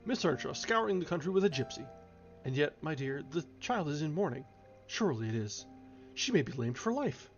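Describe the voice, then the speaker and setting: A woman's voice: low voice, very animated, a little fast, faint music behind. A man voicing an indignant aristocratic older lady, speaking in scandalized exclamations. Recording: dull lo-fi recording.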